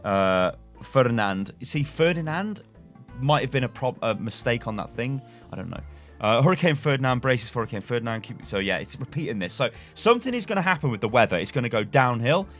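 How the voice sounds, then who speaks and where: A man's voice: mid-range voice, very animated, brisk, a bit bright, soft background music. A young man, a gaming YouTuber, casually reading game lore aloud and speculating, rambling with self-corrections and chuckles, at a desk webcam setup.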